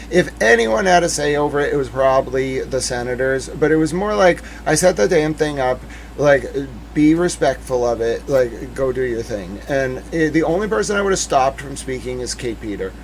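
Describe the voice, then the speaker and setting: A man's voice: fairly high pitch, a little hiss or hum. A man hosting a livestream, telling an indignant story in a casual, sarcastic way, acting out the other people's lines and swearing casually. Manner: animated, indignant storytelling with mock-quoted dialogue. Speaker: livestream host. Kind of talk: casual commentary rant.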